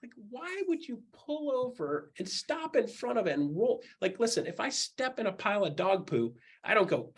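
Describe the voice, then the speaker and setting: Sitting high in pitch, a husky voice runs at a moderate pace with hardly any pauses as a man coaches real estate agents. His delivery is animated, blunt, and joking, with acted-out quoted voices and frequent repetition of his points.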